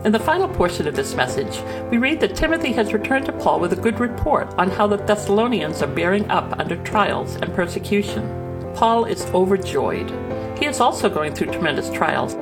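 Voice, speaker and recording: A woman announcer reading a scripted introduction for a radio ministry program. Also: mid-range voice. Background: guitar music.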